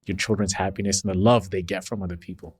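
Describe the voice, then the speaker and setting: A man's voice: sits low, fairly even intonation, fast talker, husky, no echo. A man co-hosting a casual podcast, affirming and encouraging his friend. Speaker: podcast co-host. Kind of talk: casual conversation.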